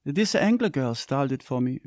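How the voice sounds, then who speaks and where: An earnest young woman with a lifted, lively voice asks gentle questions, as a male reader puts her on. She sounds steady and eager in a storybook reading. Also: mid-range voice, fairly quick, dry recording, studio quality, voice pushed up, lightly acted.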